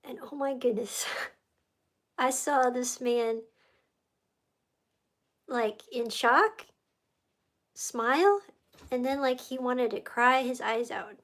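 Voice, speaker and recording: On a casual livestream, a woman from the United States tells the story of her faith, rambling, emotional, and prone to tangents. Her voice is on the high side, and she takes it slowly, pausing often.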